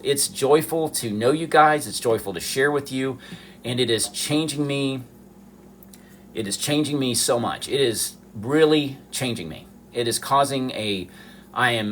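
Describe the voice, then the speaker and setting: A man's voice: medium pitch, a bit bright, a little hiss or hum. A man from the southern United States who chats earnestly and animatedly to viewers during a live stream. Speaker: miniature artist hosting a live stream. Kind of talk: casual livestream chat.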